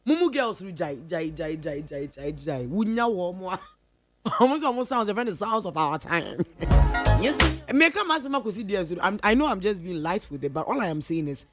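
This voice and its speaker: A woman radio host with a Ghanaian accent, chatting casually and playfully mimicking her friends' voices. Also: medium pitch. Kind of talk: casual radio talk mixing English and Twi. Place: radio studio.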